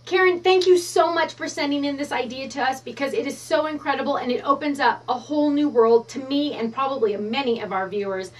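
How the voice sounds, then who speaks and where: A woman hosting a stamping craft tutorial, bubbly and excitable, gushing as she demonstrates at her work counter. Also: high-pitched, fairly quick, hardly any pauses, recorded from a distance. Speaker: craft show host. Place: craft studio at counter height.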